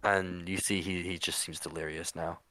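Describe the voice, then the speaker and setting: Bright-voiced man running a tabletop game. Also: low-pitched, level tone, no room sound. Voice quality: halting, casual narration with fillers. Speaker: game master.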